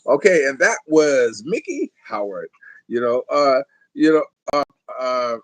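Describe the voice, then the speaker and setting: A man's voice: mid-range voice, very animated, unhurried, dry recording. A man hosting a music show, chatting casually between songs in a rambling way, full of fillers and little chuckles.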